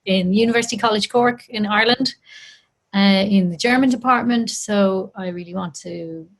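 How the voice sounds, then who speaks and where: A woman's voice: mid-range voice, moderate pace. A woman university lecturer introducing herself in an online seminar over a video call, thoughtful and slightly hesitant.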